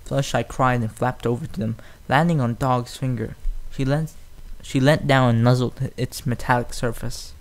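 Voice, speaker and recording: A man's voice: medium pitch, steady tone, moderate pace. A man narrating a fan story aloud, plain reading with occasional restarts.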